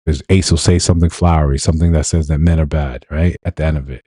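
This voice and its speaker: A man giving blunt, animated livestream commentary, often mimicking other people in quotes. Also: extremely low pitch, fast talker, breathy edge, no echo. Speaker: streamer and commentator.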